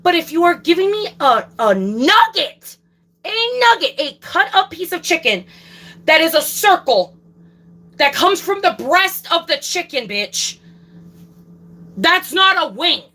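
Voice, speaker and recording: A woman's voice: extremely high pitch, very animated, unhurried, pushed and bright, poor audio. A young woman ranting casually on a livestream, swearing a lot and repeating herself for emphasis.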